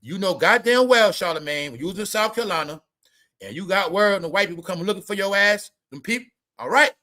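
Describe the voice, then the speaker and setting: A man riffs through comedic celebrity gossip in a loud, laughing, swearing way. His voice sits high and sounds bright and forceful. He keeps calling out names over and over. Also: expressive, fast. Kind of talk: casual comedic commentary.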